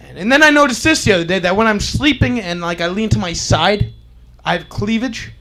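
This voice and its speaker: A man's voice: sits high, brisk, bright, forceful tone. A man doing a stand-up comedy bit, laughing through his own jokes.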